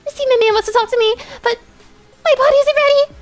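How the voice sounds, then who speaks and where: A woman's voice: very high voice, fast, soft background music. A woman voicing a panicky, whiny young vampire woman who is behind on her rent, reading a game's dialogue on stream. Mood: frantic. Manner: frantic, whiny, excitable.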